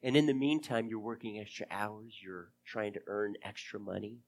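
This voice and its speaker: In a fairly low voice at a moderate pace, a pastor preaches to his congregation, animatedly performing prayers and exchanges and at times going quiet and hushed.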